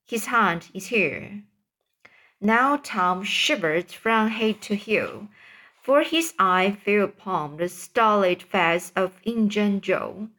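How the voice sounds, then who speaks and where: A woman's voice: mid-range voice, lively intonation, slow pace, a bit bright. A woman reading a classic novel aloud, stumbling and restarting on hard words. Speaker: reader.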